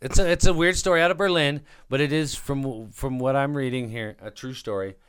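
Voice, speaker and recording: A man's voice: mid-range voice, brisk, fairly bright tone, clean tone, no echo, clean studio sound. A man co-hosting a podcast, telling offbeat news stories in a playful, joking way. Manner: playful, jokey storyteller. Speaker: podcast co-host. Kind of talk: casual banter.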